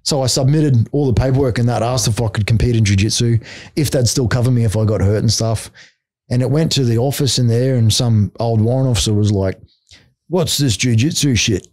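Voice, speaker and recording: A man's voice: mid-range voice, brisk, darkish tone, no room sound, clean studio sound. A middle-aged man with an Australian accent, a martial arts coach telling stories as a podcast guest in a blunt, casual way, swearing freely and saying "mate" and "like" a lot. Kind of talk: casual storytelling chat.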